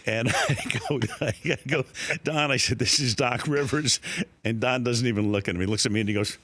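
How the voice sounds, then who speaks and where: Older man telling lively sports stories. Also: moderate pace, dry recording. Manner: animated anecdotes, laughs, voices his quotes higher. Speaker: sports broadcaster, guest. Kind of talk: storytelling interview.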